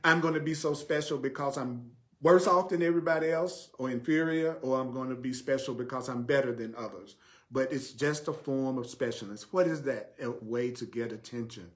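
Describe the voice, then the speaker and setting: Southern man, mid-pitched, spiritual teacher who drives points home with repetition and rhetorical questions. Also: normal speed. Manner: emphatic, repeats key phrases, asks rhetorical questions.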